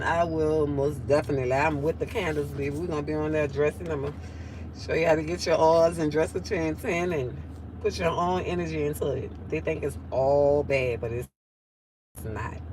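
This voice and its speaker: On a livestream, a woman with a low, nasal voice and a New Orleans accent chats casually and drawls her way through viewer comments. There's background noise behind her.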